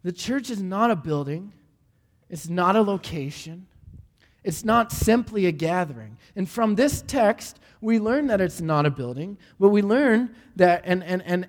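A man preaching a sermon, animated and asking the room repeated questions, often stumbling over restarts. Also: high voice. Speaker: pastor. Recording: hall reverb.

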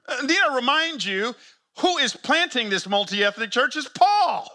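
Sharp high-voiced man preaching emphatically. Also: very animated, a little slow. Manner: emphatic, rhetorical questions, big swings in pitch and loudness. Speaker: preacher addressing church planters. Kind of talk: sermon.

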